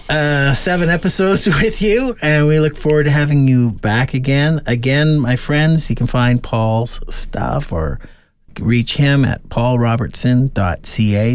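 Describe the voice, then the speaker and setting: A man hosting a radio show, speaking gently and earnestly and reading a blessing. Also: mid-range voice, dry recording. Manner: gentle, earnest, laughs easily. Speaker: host. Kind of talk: warm radio talk and benediction.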